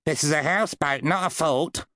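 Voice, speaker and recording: A mocking female budgie familiar, voiced by a man in an audiobook. Her voice sits a touch above a man's usual pitch and sounds close and dry. She needles her master with scorn. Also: normal speed, pushed and bright, dry recording. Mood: scornful. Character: sharp-tongued female budgie familiar, sarcastic. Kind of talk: audiobook character voice.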